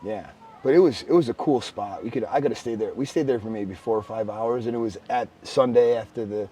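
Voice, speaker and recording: A man co-hosting a casual podcast, telling stories with bursts of excited shouting. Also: medium pitch, a little fast. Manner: animated storyteller, bursts of excited shouting when retelling. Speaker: podcast co-host. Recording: slightly distant mic with faint background ambience.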